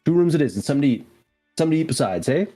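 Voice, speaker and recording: A man voicing a kind, chatty female innkeeper with a friendly, gently teasing manner. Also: a little high, lively intonation, racing, soft background music, pitched above the performer's own voice. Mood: kindly.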